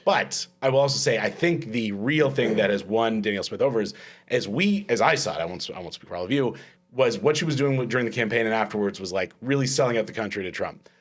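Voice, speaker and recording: A man's voice: on the low side, animated, quick pace. A man hosting a casual political panel podcast, making long run-on points and swearing freely. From Canada. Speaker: podcast host.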